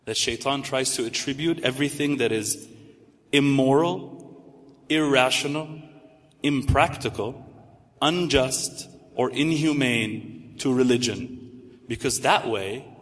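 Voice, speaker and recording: Male preacher, mid-range voice, rhetorical lecture delivery with Arabic terms, long hall reverb. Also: medium pitch. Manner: rhetorical, slows down for emphasis, sprinkles Arabic terms. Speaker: Muslim preacher. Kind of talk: religious lecture.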